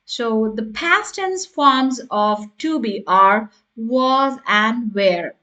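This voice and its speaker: Slow, patient woman teaching grammar. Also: a little high, expressive, pushed and bright. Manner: slow, patient, spells out letters and checks in with "right?". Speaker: English teacher. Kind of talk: grammar lesson.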